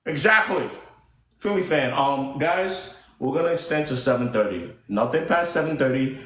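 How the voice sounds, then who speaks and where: Animated young man hosting a live stream. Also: on the high side, normal speed, reverberant. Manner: animated, playfully exasperated, banters with the panel. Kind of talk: casual live-stream chat. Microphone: computer mic at a desk.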